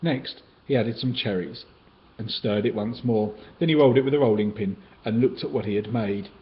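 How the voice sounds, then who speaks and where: A man reading children's picture books aloud in a gentle, sing-song storytelling way, on a dull, lightly hissing recording. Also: fairly low pitch, normal speed.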